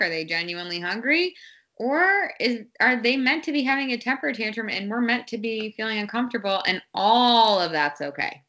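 A woman in her thirties speaks in a casual podcast chat about raising her kids. Her voice is bright and a little forceful, and she talks candidly, restarting phrases and filling gaps with "um" and "like." She sounds relaxed and open. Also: medium pitch. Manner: chatty, candid, many fillers and restarts. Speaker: guest, parent.

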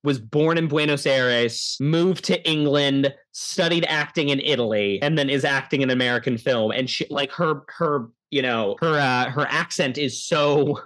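A young man co-hosts a casual film podcast, rambling with many restarts and fillers. His mid-range, fairly bright voice moves at normal speed with few pauses.

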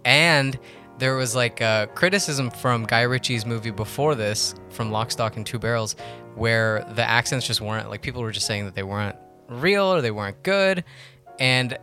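A man's voice: mid-range voice, moderate pace, bright, forceful tone, faint music behind. A man hosting a casual podcast chat about films, rambling through tangents and laughing often. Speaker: podcast host. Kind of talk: casual movie-discussion chat.

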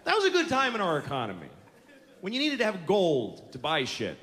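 A man's voice: high-pitched, wildly swooping pitch, sharp tone. Stand-up guy ranting and swearing, voice jumping all over, big echoey theater with laughs behind. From United States. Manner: profane, exasperated ranting with quick character voices. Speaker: stand-up comedian. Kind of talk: stand-up comedy routine. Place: large theater on stage. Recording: live theater with hall reverb and crowd laughter.

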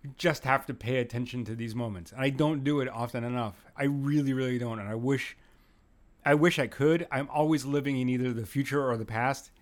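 A man's voice: medium pitch, a little fast. A young man with a mid-range voice talks through a solo podcast episode from home. He rambles earnestly and pokes fun at himself. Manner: rambling, self-deprecating, earnest storytelling. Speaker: podcast host. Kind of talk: casual solo podcast monologue. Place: home room with an open window. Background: occasional breeze from an open window.

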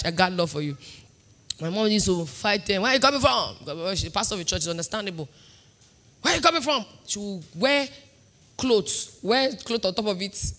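A Nigerian woman pastor in her thirties preaching a sermon, emphatic and sing-song, swinging between loud declarations and quiet asides. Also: mid-range voice. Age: 30s.

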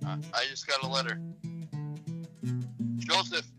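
A man's voice: medium pitch, unhurried, music in the background, rough recording. A man co-hosting a podcast, chatting casually, bossy and swearing a lot. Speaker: podcast co-host. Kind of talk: casual profane banter.

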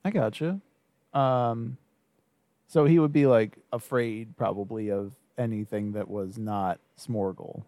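A man's voice: on the low side, a little slow, warm tone, no echo. A man hosting a podcast, easygoing in a casual brainstorming chat, laughing often and asking his guest questions. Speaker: podcast host.

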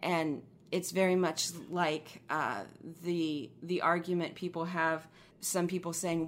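A woman co-hosting a casual fan discussion, animated and quick to laugh as she tells stories. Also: on the low side, a little hiss or hum. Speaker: podcast co-host.

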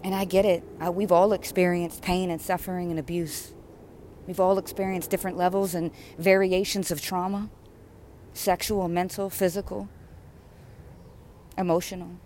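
With a lowish, mellow voice and a level tone, a woman preaches at a moderate pace over slight background noise. Her spiritual sermon builds in fervor through rhythmic repetition of phrases.

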